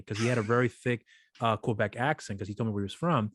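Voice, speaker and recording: A man's voice: medium pitch, fairly even intonation, very fast, no room sound, clean studio sound. A man hosting a casual interview show, rambling and often stumbling over his words. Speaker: podcast host.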